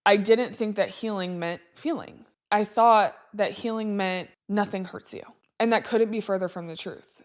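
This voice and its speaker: A young woman hosting a podcast, candidly telling reflective personal stories with frequent "like" fillers. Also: mid-range voice. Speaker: podcast host.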